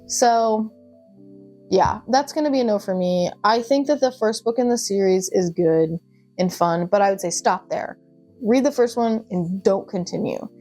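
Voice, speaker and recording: Young adult woman, casual book vlogger, gushy and chatty, medium pitch, faint music bed. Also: normal speed, dark tone. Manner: chatty and gushing, with laughs and asides. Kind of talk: casual chat.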